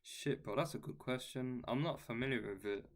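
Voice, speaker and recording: A man's voice: mid-range voice, normal speed. A man, a guitar teacher, answering chat questions in a casual livestream, laid-back and saying "bro" and "man" a lot.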